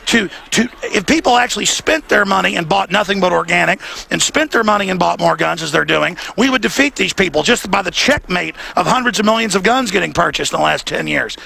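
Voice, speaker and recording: Male talk-radio host, gravelly high voice, heated and emphatic rant. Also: bright, forceful tone, slight background noise. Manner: fast, heated and emphatic, mocking his critics. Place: outdoors at a protest.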